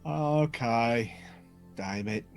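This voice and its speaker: A player in a tabletop role-playing game who talks in a hesitant but lively way. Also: medium pitch, drawn-out words, faint music behind. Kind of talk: casual tabletop play.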